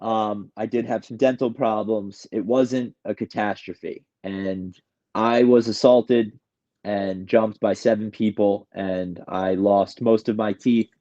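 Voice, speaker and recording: A man's voice: fairly low pitch, steady tone, slow pace, mellow, dull audio. A man from New York telling his recovery story in a candid, emotional, rambling way, often starting his sentences over. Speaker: guest sharing recovery story.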